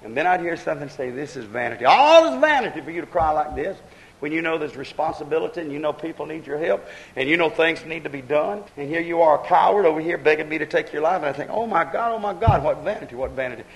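A man preaching a fervent sermon, repeating phrases and breaking into sudden loud outcries. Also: a little high, lively intonation, quick pace, vocal fry, rough recording.

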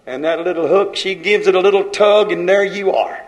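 High-pitched preacher scolding his flock. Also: brisk, poor audio. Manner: scolding, rhythmic repetition, folksy grammar. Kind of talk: fiery sermon.

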